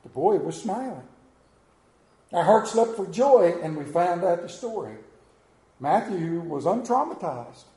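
A man's voice: high-pitched, big pitch swings, measured pace, mellow, echoey room, low-quality recording. A man preaching a sermon as pastor, telling stories with rising and falling emphasis.

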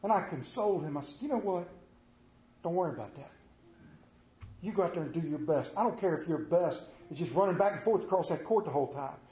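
A middle-aged man preaching a sermon, telling a folksy story that moves between hushed tender passages and loud emphatic preaching. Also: a little high, animated, fast, roomy sound, rough recording. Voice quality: folksy Southern drawl talk with "ain't" and "y'all". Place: church sanctuary.

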